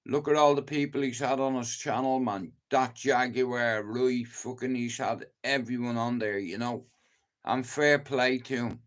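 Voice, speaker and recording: A man's voice: medium pitch, steady tone, a little slow. A middle-aged man from Ireland hosting a livestream, telling rambling stories in casual chat and swearing a lot. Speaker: livestream host.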